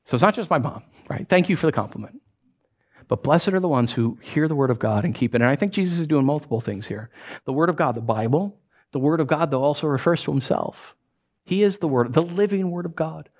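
Animated male pastor preaching. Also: a little high, fairly quick. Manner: animated, acts out voices with laughs. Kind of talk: sermon. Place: church.

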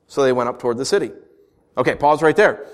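A man's voice: medium pitch, expressive, quick pace. A man preaching as pastor, reading scripture and then explaining it in a conversational way, full of rhetorical questions.

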